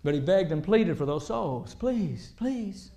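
A male preacher delivering a sermon in a high-pitched voice. He talks in an animated way, pressing points hard and then dropping to quiet asides. The sound rings around an echoey church sanctuary. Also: moderate pace, gravelly. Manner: animated, rising and dropping between loud emphasis and quiet asides.

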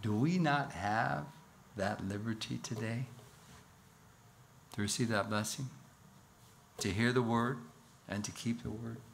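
A man's voice: medium pitch, a little slow, creaky, long pauses, a little hiss or hum. A man preaching a sermon in church as pastor, earnest, with rhetorical questions and a rising, emphatic reading of scripture. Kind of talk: expository sermon.

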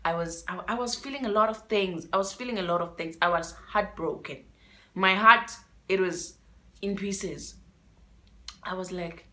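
A woman's voice: mid-range voice, normal speed, sharp tone. A young woman with a South African accent telling a story-time vlog, emotional and dramatic, repeating words for emphasis. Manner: emotional and dramatic, switching between English and isiXhosa. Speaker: vlogger.

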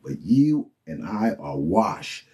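Mellow-voiced man preaching casually. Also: very animated, slow pace. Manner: conversational, rises high when mimicking others. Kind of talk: informal sermon.

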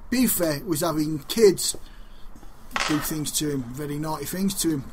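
A man's voice: a little high, normal speed, background noise. A man hosting a casual radio show, joking and rambling and often laughing.

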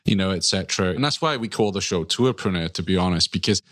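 A man's voice: sits low, lively intonation, fast, fairly bright tone, dry recording, studio quality. A man hosting a podcast, chatty and encouraging as he talks with a guest. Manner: chatty, encouraging, with fillers and laughs. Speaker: podcast host. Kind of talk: casual podcast interview.

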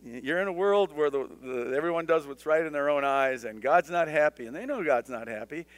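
A man's voice: fairly high pitch, brisk, dry recording. A male pastor teaching a Bible study in a conversational way, with humorous asides and dramatized scripture voices.

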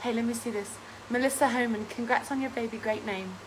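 Chatty high-voiced woman cooking. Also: steady tone, brisk, noisy background. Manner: chatty and rambling, often laughing, reading out viewer comments. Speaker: host of a home cooking stream. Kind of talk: casual live-stream chat while cooking. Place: home kitchen.

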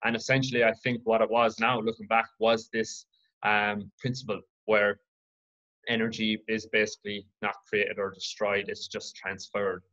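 A man from Ireland hosting his own podcast, telling a personal story in an earnest, reflective, halting way. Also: on the low side, level tone, bright, forceful tone, highs cut off. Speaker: podcast host.

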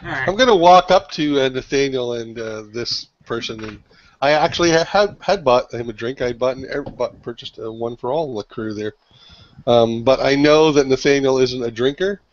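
A man playing a character in a tabletop game, describing his actions in a lively way with fillers. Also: mid-range voice, moderate pace, a little hiss or hum. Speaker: player. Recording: dull lo-fi recording.

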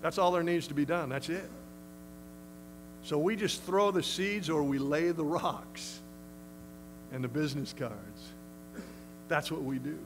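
Brief: male pastor, conversational and emphatic sermon delivery, somewhat high-pitched. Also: measured pace, pauses often, background noise. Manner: emphatic, conversational, acts out quotes.

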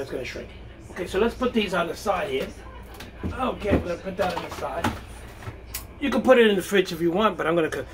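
A man hosting a home cooking video, chatting casually and thinking aloud as he works in his kitchen. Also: a little high. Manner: chatty, thinks aloud, frequent okays and restarts.

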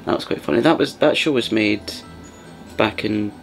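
A man hosting a soft-spoken ASMR chat, rambling and partly whispering as he talks. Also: lowish voice, normal speed, creaky, soft background music. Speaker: ASMR channel host.

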